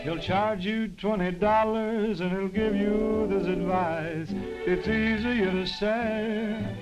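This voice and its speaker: A man playing a young soldier who croons a slow, playful love song in a 1950s film, with drawn-out phrasing. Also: sits high, fairly even intonation, muffled recording, over loud music. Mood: crooning. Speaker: singer in a film. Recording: old film soundtrack, loud band.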